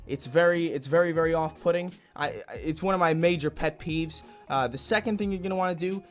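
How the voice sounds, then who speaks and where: A man hosting a deadpan mock how-to, rambling and restarting his sentences, recorded at a home desk. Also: fairly high pitch, brisk, few pauses, faint music behind. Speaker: comedy YouTuber parody host. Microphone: desk mic in home setup.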